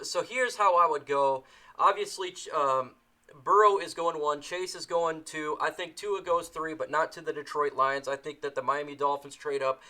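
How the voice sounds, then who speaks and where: A man's voice: on the high side, bright, forceful tone. A man hosting a casual live sports stream, tired after a long day, emotional and repeating his phrases. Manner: emotional, repeats himself, ends lines with "man". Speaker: sports channel host.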